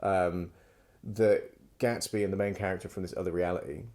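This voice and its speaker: A man with a fairly low voice hosts a casual podcast. He rambles through a long story, swears freely and slips into quoted lines as he goes. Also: fairly even intonation, brisk, darkish tone. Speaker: podcast host. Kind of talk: casual chat.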